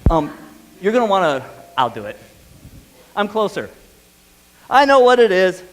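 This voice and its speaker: A man's voice: high voice, very animated, measured pace, a little hiss or hum. A man preaching a sermon in a church, talking conversationally, repeating phrases and checking in with the congregation. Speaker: pastor. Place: church sanctuary.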